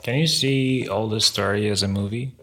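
A man's voice: lowish voice, moderate pace, fairly bright tone, a little hiss or hum. A man interviewing casually, mostly giving short replies and asking brief questions.

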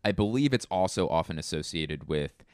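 A man with a low, smooth voice delivers a rambling comic monologue. He is self-mocking and curses freely, and the recording is close and dry. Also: lively intonation, normal speed, a little mellow, no echo.

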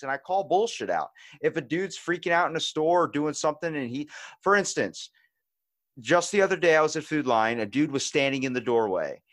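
A man's voice: mid-range voice, a bit bright, no echo. A young man hosting a podcast in casual chat, candid and plain-spoken, swearing casually. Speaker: podcast host.

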